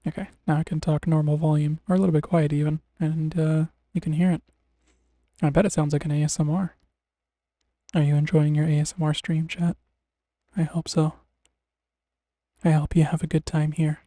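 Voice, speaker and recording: A man streaming a game live, making relaxed, rambling commentary with wry, sarcastic asides. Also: on the high side, normal speed, pauses often, dry recording, clean studio sound. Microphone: desk mic on a streaming setup.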